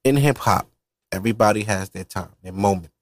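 A man's voice: fairly low pitch, a little fast, dry recording, clean studio sound. A man hosting a podcast, chatting casually and swearing often as he jokes and rants between hip-hop records. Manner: animated, profane, ranting and joking. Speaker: podcast host. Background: hip-hop music playing.

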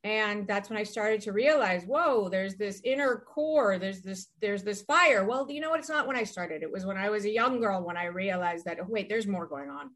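A woman's voice: mid-range voice, lively intonation, moderate pace, few pauses, a bit bright. A middle-aged woman talking casually as a guest, rambling and acting out what people said. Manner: rambling, acts out quoted dialogue. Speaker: guest, Pilates studio founder. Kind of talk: casual conversation.

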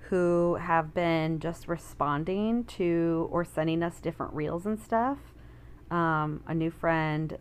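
A woman's voice: lowish voice, clean tone. A woman co-hosting a podcast in casual chat, chatty and giggly, laughing often as she reads listener messages. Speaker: podcast co-host.

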